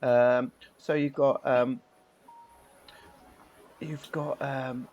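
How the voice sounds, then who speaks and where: A man voicing a brisk, professional barmaid who is businesslike and stops often for fillers. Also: medium pitch, level tone, darkish tone, lo-fi sound, faint music behind.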